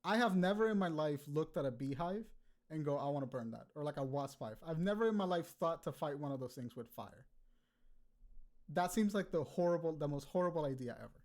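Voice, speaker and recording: A man's voice: on the high side, expressive, a little fast, a little mellow. Casual swearing male podcast co-host. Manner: laid-back, swears freely, laughs often. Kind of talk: casual chat.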